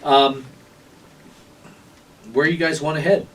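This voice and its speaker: A man narrating as game master in a tabletop game, in a relaxed, chatty way. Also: fairly high pitch, slow pace, distant mic.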